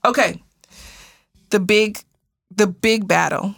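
A woman hosting a casual interview, playful and teasing, quick to laugh. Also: medium pitch, vocal fry, fairly bright tone, dry recording. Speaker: host.

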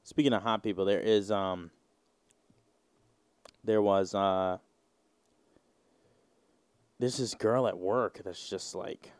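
A man's voice: fairly low pitch, fairly even intonation, slow, long pauses, clear, resonant tone, no room sound. A man in his twenties hosting a solo podcast, rambling and joking with plenty of profanity. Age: 20s. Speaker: podcast host. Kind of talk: casual solo podcast rant.

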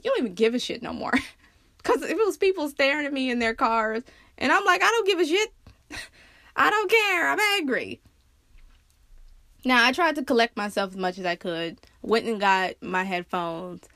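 Woman podcast host, fairly high voice, candid casual monologue, swears and laughs, dry close mic. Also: no room sound. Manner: animated storytelling with big pitch jumps.

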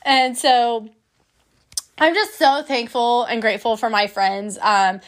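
High-voiced woman telling a personal story. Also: takes it slowly. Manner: candid, emotional, lively retelling with quoted voices.

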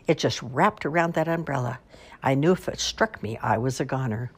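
A woman's voice: very deep voice, normal speed, husky, full character voice. A woman voicing a spry elderly great-aunt telling a tall tale in a folksy, emphatic way. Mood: dramatic.

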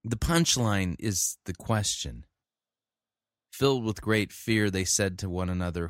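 A man giving critical commentary on a sermon, reading scripture passages and explaining them in a measured way. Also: on the low side, animated, no room sound, studio quality.

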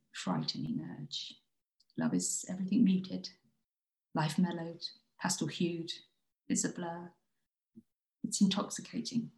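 A woman reading her own spoken-word poem in a slow, soft, intimate way. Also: lowish voice, gravelly, echoey room, low-quality recording. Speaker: writer reading her piece.

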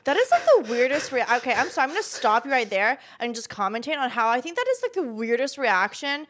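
A woman's voice: sits high, very animated, quick pace, fairly bright tone. Blunt, sweary woman reacting in disbelief. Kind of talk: casual chat.

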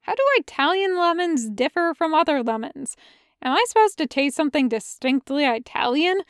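A woman's voice: sits high, lively intonation, normal speed, no room sound, clean studio sound, pitched above the performer's own voice. Woman doing a cocky guy vlogger. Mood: cheeky. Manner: wry, swearing, playful. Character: cocky young man vlogging candy reviews.

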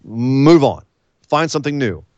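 Podcast co-host, male, casual and animated, acts out quotes, dry close mic. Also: medium pitch, measured pace, no echo, highs cut off. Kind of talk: casual wrestling recap chat.

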